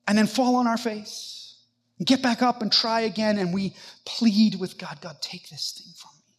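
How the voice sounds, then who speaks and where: A man's voice: sits high, husky. A man preaching a sermon, earnest and conversational, acting out scripture passages with feeling. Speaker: pastor.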